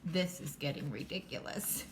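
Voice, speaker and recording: A woman doing a wry, deadpan house cat. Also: sits low, moderate pace, noisy background, pitched below the performer's own voice, natural voice. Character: dry, knowing house cat.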